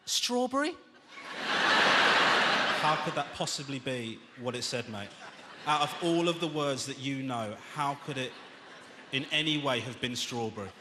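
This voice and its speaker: A man in his thirties performs stand-up with a high voice, working himself up into exasperated rants and shouted outbursts. He is heard in a large theatre with a long, roomy reverb and clear crowd ambience behind him. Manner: exasperated ranting, rising to shouts. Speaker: stand-up comedian. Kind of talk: stand-up comedy routine. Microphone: stage microphone. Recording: echoey theatre, long reverb, audience noise.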